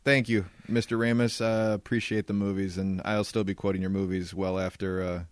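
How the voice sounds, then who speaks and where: A man's voice: deep voice, flat delivery, a little fast, no room sound, studio quality. A man in his thirties, a podcast co-host in casual chat who jokes and laughs often.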